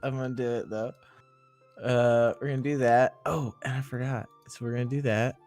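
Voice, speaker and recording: A man's voice: medium pitch, fairly even intonation, moderate pace, a little mellow, soft background music. Hesitant, chatty male player. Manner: hesitant, chatty, laughs often. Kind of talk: casual tabletop play.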